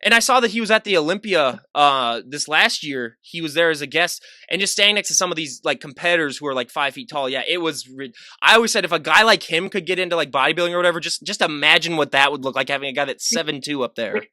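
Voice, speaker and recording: Man, podcast host, casual rambling chat, slightly high pitch, dry close sound. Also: lively intonation, quick pace, hardly any pauses, pushed and bright, no room sound. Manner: upbeat, rambling, laughs easily.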